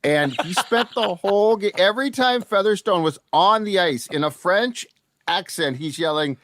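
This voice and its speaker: A man hosting a casual sports talk show, telling stories in a relaxed, chatty way. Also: high-pitched, normal speed, no echo. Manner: storytelling, animated when excited.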